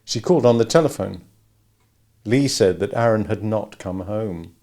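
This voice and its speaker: A man's voice: lowish voice, normal speed, a little mellow. A man narrating a novel as an audiobook, reading expressively.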